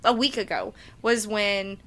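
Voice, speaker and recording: Bright, animated young woman telling stories. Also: mid-range voice, a little slow. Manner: animated, acts out quotes, swears freely. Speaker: podcast co-host. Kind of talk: casual storytelling chat.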